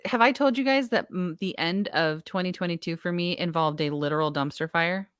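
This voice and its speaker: A young adult woman co-hosting a casual podcast, telling a story with lively acted-out quotes. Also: on the low side, fairly quick, clear, resonant tone, no echo, clean studio sound. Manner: animated storyteller, acts out quotes. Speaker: podcast co-host. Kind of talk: casual chat.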